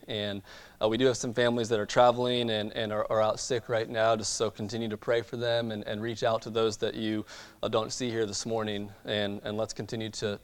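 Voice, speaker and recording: A male pastor greeting the congregation and preaching, hesitant and repeating words, with many fillers. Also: medium pitch. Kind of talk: sermon with church announcements.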